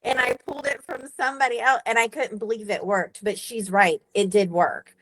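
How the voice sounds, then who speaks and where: A woman's voice: a little high, steady tone, moderate pace, fairly bright tone. Chatty woman telling a client story. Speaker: real estate agent. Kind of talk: sharing a story on a group call.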